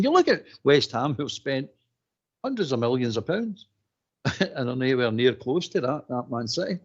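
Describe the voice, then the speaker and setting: A man's voice: mid-range voice, normal speed, breathy edge. Guy on a fan phone-in, gets worked up, repeats words, dull lo-fi sound. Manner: animated, repeats himself, laughs mid-sentence. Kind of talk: casual football chat. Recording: dull lo-fi stream audio.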